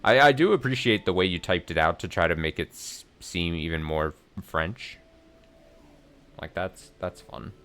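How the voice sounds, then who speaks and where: A man's voice: sits low, a little slow, a bit bright, slight background noise. A man giving casual let's play commentary, with wry, muttering, self-mocking asides as he plays.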